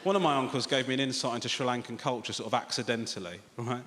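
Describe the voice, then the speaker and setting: A man's voice: mid-range voice, fast. A British man doing a sardonic, sweary stand-up comedy set, talking straight to the crowd from a large theatre stage. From Britain. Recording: reverberant theatre with audience noise.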